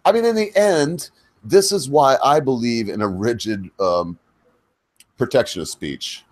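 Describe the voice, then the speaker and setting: A man's voice: mid-range voice, measured pace, no room sound. A middle-aged man hosting a chat show, asking meandering questions and drifting into rants. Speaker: host. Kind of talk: casual chat.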